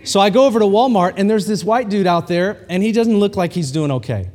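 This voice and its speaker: Male pastor, high and animated delivery, storytelling sermon in a big echoing hall. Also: fairly quick. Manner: animated storytelling preacher, acts out quoted dialogue. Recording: long hall reverb.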